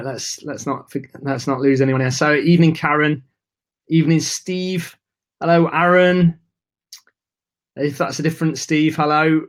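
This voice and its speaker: Guy chatting on a live webinar, bit nervous, says hi to everyone by name, voice a touch high. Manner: chatty, greeting viewers by name. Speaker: webinar host. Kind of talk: casual live webinar chat.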